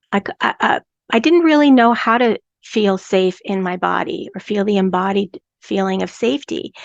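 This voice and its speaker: A woman hosts a podcast in an earnest, conversational way, often stumbling and restarting her sentences. Her voice sits at a medium pitch and is recorded dry and close, with no room sound. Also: creaky, dry recording, dull audio. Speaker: podcast host.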